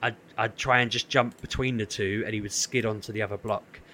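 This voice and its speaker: There's a little hiss or hum behind this male podcast co-host, whose voice sits on the low side and moves fairly quickly. He tells a long, easygoing story full of quotes that he acts out with lots of animation.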